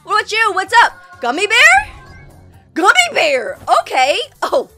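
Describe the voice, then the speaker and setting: A woman giving excitable reaction commentary on a video, laughing often and exclaiming at the screen. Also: very high voice, measured pace, soft background music. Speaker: YouTuber reacting to animations.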